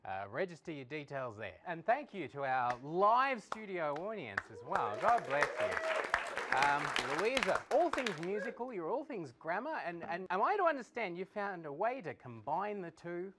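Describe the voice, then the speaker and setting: Lively man hosting a quiz. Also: high-pitched, moderate pace, some chatter behind, slight background noise. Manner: jokey, chuckling, reads out questions. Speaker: quiz show host. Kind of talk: live comedy quiz hosting. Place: live studio with audience.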